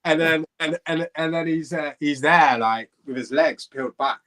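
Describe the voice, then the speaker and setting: A former footballer, a man, telling a lively anecdote as a guest on a live podcast, laughing often. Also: on the high side, normal speed, rough recording. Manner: animated, laughing storyteller. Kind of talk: storytelling.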